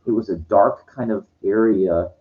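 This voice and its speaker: A vlogger whose voice sits on the low side talks at a moderate pace through a wandering, foul-mouthed monologue. He's heavy on "you know" and "like." The audio has a dull, lo-fi quality.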